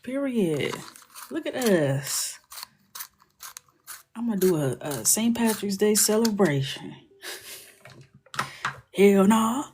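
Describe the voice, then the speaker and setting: A woman hosting a coloring livestream, chatting and joking casually as she works, often dropping into a soft murmur. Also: medium pitch, expressive, slow, pauses often, a little hiss or hum. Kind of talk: casual chat while coloring.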